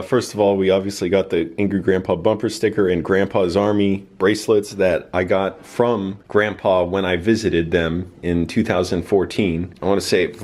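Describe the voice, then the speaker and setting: A man's voice: sits low, a little mellow. A man talking casually to the camera, rambling through memories with plenty of fillers. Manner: rambling, many fillers and restarts. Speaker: YouTuber.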